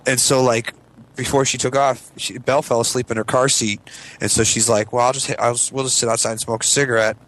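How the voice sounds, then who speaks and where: A man in his thirties telling stories in a casual podcast chat, lively when he quotes people. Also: medium pitch, fairly quick, low-quality recording. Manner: animated, does loud voices when quoting people. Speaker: podcast co-host, father.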